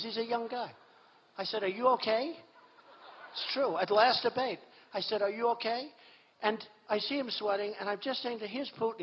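A man giving a campaign rally speech as a political candidate, repeating himself emphatically and swinging between shouts and low asides. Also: a little hiss or hum. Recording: echoey hall, dull sound.

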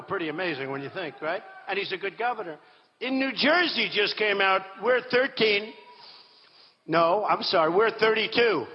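A man's voice: high-pitched, a little hiss or hum. A man giving an off-the-cuff campaign speech to a rally, rambling, boastful and repetitive, on a podium microphone in a large hall. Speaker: political candidate addressing a rally. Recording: dull hall recording with long reverb.

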